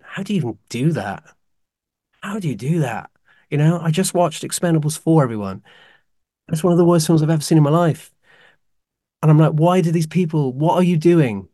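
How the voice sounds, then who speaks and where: A man co-hosting a casual podcast, excitedly ranking favourite films with dramatic apologies along the way. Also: lowish voice, vocal fry, no echo, clean studio sound. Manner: animated, excitable, apologetic asides. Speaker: podcast co-host.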